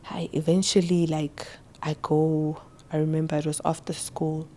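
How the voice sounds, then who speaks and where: A young South African woman with an isiZulu-mixed accent, telling a personal story as a podcast guest, halting and repeating words as she goes. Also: low voice, level tone, mellow. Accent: South African, mixing isiZulu and English. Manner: halting, stammering repetitions; switches between English and isiZulu mid-sentence.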